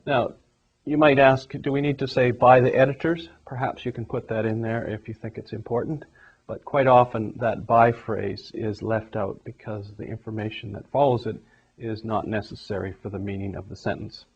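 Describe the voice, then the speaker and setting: A man teaching English grammar, explaining examples step by step in a steady classroom manner. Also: fairly low pitch, moderate pace, husky. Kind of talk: grammar lesson. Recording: dull lo-fi recording.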